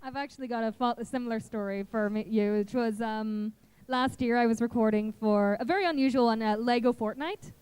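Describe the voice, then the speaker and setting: A woman's voice: on the high side, brisk, a little mellow, clean tone, no room sound. Bubbly young woman full of "like". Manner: bubbly, filler-heavy, laughing often. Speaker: guest voice actor. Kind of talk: casual convention panel storytelling. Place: convention panel room.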